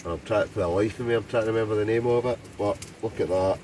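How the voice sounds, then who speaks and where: A man's voice: lowish voice, fast, a little mellow, a little hiss or hum. A Scottish man chatting easily with friends while camping in a hot tent, with wry replies. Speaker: fellow camper. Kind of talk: casual chat. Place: inside a hot tent in the rain.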